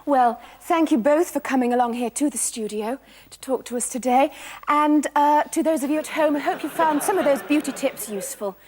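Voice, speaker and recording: A woman playing a chirpy, tactless female daytime TV presenter with bright, breezy patter. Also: sits high, moderate pace, lightly acted. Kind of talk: sketch comedy.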